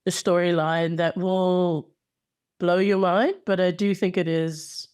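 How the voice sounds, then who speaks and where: A woman's voice: lowish voice, fairly even intonation, slow, darkish tone, smooth. A woman co-hosting a podcast in casual chat, enthusiastic and playful, with slangy asides and frequent ums. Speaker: podcast co-host.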